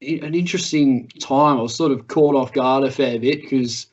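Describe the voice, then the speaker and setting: A young Australian man in casual podcast chat, spinning laid-back yarns at a mid pitch. The audio is a little muffled and lo-fi. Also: moderate pace. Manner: laid-back storytelling, laughs through tales. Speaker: podcast co-host.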